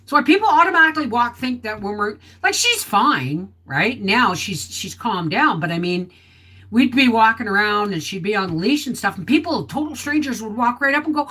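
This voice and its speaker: A woman's voice: on the high side, big pitch swings, fairly quick, bright, forceful tone, husky. A middle-aged woman hosting a casual homestead livestream from home, chatting and reading viewer comments aloud. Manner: chatty, reads viewer comments aloud, baby talk to her dog. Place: home indoors. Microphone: desktop mic.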